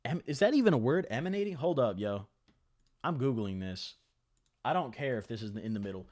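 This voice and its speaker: Young male vlogger, lively swooping delivery, foul-mouthed and rambling, dry close sound. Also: medium pitch, normal speed, no echo. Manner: animated, profane, rambling with many fillers. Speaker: vlogger telling a story. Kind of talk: casual storytelling to camera.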